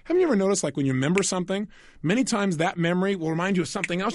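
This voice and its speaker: High, lively man coaching listeners. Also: slight background noise. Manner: animated, asks the listener rhetorical questions; conversational, acts out little scenes in quick voices. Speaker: self-help coach. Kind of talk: motivational audio program lecture.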